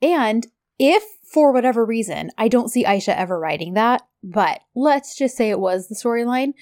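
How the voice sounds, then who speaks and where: A woman's voice: on the high side, lively intonation, moderate pace, a little mellow, no room sound, studio quality. A woman co-hosting a podcast, chatting casually as she recaps scenes and acts out quotes with laughs. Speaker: podcast co-host. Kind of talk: casual chat recapping a TV series.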